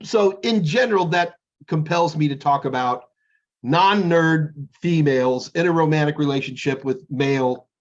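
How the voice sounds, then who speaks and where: A man's voice: a little high, moderate pace, highs cut off. A man co-hosting a podcast in casual chat, telling jokey, rambling stories. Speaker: podcast co-host.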